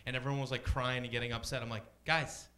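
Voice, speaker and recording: This comic rattles through a chatty club set very fast, his delivery deadpan. He regularly slips into high-pitched voices when imitating other people.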